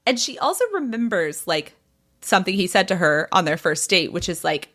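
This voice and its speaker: A woman's voice: fairly low pitch, a little fast. A woman podcast host in casual chat, animatedly retelling a story and acting out what people said, with a lot of "like". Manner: animated retelling, acts out quoted people, frequent "like".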